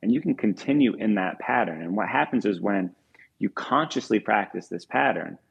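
A young man guides listeners through a breathing exercise in a calm, measured way. His voice is low, with a gravelly fry. It also has a husky edge. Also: lo-fi sound. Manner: calm, measured, counts slowly when guiding. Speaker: podcast co-host.

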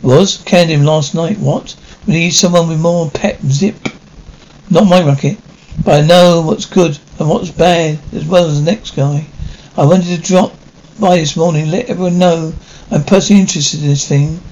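A man's voice: fairly high pitch, fairly even intonation, moderate pace, a little mellow, close to an everyday voice, rough recording. A man playing a blunt, slangy male backer of a stage play in a 1950s television drama. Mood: brash. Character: brash male money man, pushy and blunt. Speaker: theater backer. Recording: faint hiss of an old TV soundtrack.

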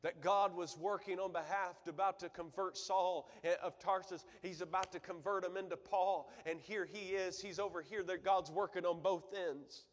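Fervent preacher in a church hall. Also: male voice, sits high, steady tone, moderate pace, few pauses. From Michigan, USA. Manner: fervent preaching that swings from loud exhortation to quiet storytelling. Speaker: guest preacher. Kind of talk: sermon. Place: church sanctuary.

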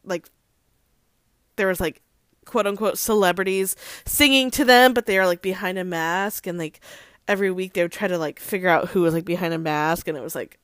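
A woman's voice: fairly low pitch, fairly even intonation, fairly quick, dry recording, clean studio sound. A woman hosting casual celebrity gossip talk, chatty, leaning on "like" constantly, with swearing and laughing asides. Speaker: host.

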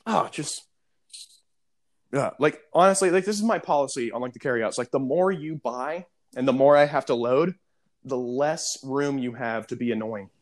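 A young man casually telling a story on a podcast, animated, acting out the people in it. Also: medium pitch, moderate pace. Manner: animated storyteller, mimics customers.

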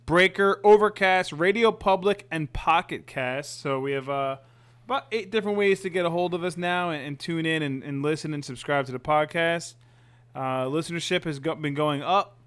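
A man hosting a casual fantasy-sports podcast, chatty and loose, rattling off quick lists. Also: on the high side, fairly bright tone, clean tone. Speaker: podcast host.

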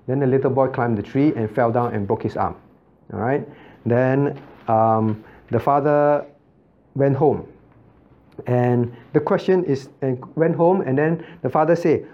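A man's voice: mid-range voice, a little slow. A male pastor teaching a Bible study. He asks his listeners many rhetorical questions and repeats phrases for emphasis. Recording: slightly dull lo-fi recording.

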